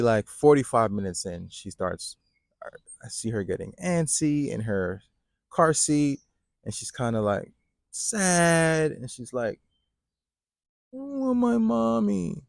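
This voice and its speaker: A man's voice: mid-range voice, lively intonation, slow pace, darkish tone, no echo, studio quality. A man in his thirties talking casually about fatherhood, with lots of "like" and "right?". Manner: conversational, many fillers like "right?" and "like". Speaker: fatherhood coach. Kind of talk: casual talking-to-camera advice.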